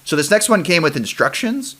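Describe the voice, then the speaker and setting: A man's voice: a little high, big pitch swings, brisk, sharp tone, husky. A man hosting a casual sports podcast, rambling with restarts and trailing off as he reads listener questions. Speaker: podcast host. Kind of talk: casual chat.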